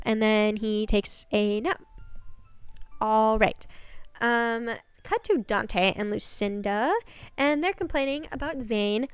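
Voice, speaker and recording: Woman host, casual recap, sarcastic and exasperated, smooth clear voice, dry close mic. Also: fairly high pitch, takes it slowly, no room sound, soft background music. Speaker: video essay host.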